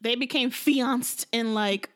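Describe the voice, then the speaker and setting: A woman's voice: on the high side, steady tone, slow pace, a bit bright. A woman co-hosting a casual chat about a reality show, laughing and mimicking the people she talks about. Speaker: podcast co-host recapping a reality show.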